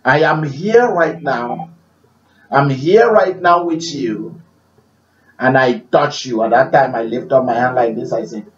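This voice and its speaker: Slow, roomy-sounding male preacher. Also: medium pitch. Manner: preaching with repetition, swinging from loud declarations to hushed prayer. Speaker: pastor. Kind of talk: sermon. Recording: roomy, distant, dull-sounding recording.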